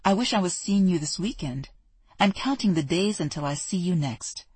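The narrator gives a young woman full of affection and good cheer. Her voice is soft and a little husky, at a middle pitch. The sound is dry and close. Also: lively intonation, normal speed, no room sound. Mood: affectionate. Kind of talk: audiobook character dialogue.

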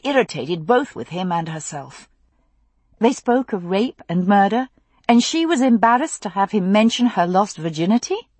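A woman narrating a novel with intense, expressive storytelling. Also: mid-range voice, breathy edge, dry recording. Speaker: audiobook narrator.

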